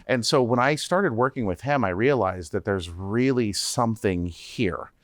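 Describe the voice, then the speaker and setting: A man, a startup CEO, speaking as a guest on a podcast interview. He talks in an animated way, restarting often and repeating words. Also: lowish voice, a little slow, no room sound.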